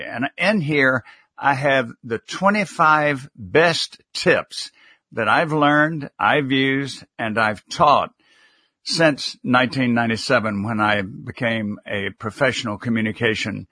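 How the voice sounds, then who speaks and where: A man who works as a communication consultant, a guest on a live interview who gives advice in a measured, instructive way with light humor. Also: medium pitch, sharp tone, slightly rough, no room sound, studio quality.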